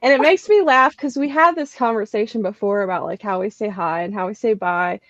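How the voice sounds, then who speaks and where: A woman's voice: medium pitch, brisk, fairly bright tone, no room sound. Teasing woman, dull dry audio. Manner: teasing, tells funny stories. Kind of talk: casual chat among friends.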